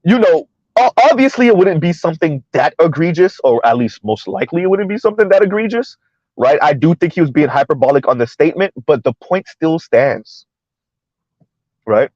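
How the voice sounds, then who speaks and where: Chatty man with a higher voice. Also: lively intonation, fairly quick, a little mellow, dry recording, muffled recording. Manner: chatty, laughs often, keeps asking "right?". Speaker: commentary channel host. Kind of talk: casual commentary while driving. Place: inside a car on the road.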